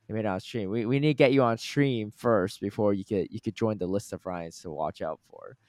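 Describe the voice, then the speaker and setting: A man's voice: lowish voice, brisk, darkish tone, no room sound, clean studio sound. A man hosting a podcast in a chatty, casual way, reading out listener comments and reacting to them. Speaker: podcast host. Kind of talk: casual chat.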